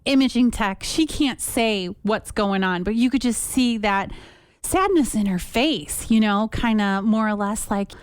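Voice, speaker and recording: A woman telling her personal faith story conversationally, in an upbeat, chatty way, with lively quoted voices. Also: a little high, unhurried, clear, resonant tone, no echo, clean studio sound. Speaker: radio guest sharing a testimony.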